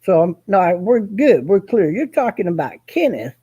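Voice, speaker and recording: A man's voice: high voice, very animated, normal speed, few pauses, dark tone, husky, dry recording. A man hosting a casual chat, rambling and swearing, with many fillers and restarts. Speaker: host.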